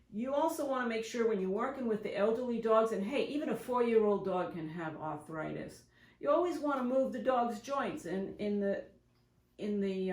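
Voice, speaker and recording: A woman's voice: fairly high pitch, a little mellow. A woman who is a professional dog groomer and shop owner, giving chatty, rambling how-to advice in a grooming salon. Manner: chatty and rambling, often acting out examples. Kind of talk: casual instructional talk to camera. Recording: echoey room.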